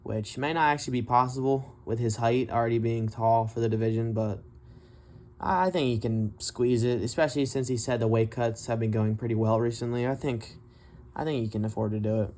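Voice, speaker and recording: A man's voice: mid-range voice, darkish tone. A man giving casual, profane commentary on a fight, blunt and mocking as he rants. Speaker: MMA commentary vlogger.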